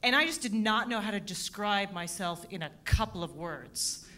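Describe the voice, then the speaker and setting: A woman in her thirties doing a stand-up set in a theatre, self-deprecating with deadpan punchlines. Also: mid-range voice, moderate pace. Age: 30s. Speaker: stand-up comedian. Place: theatre stage at a comedy festival.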